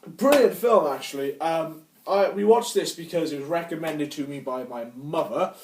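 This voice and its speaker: A man's voice: fairly high pitch, normal speed, distant mic, a little hiss or hum. Playful young man, echoey room. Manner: playful and excitable, jumping in with jokes. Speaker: film reviewer. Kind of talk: casual chat. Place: indoor room.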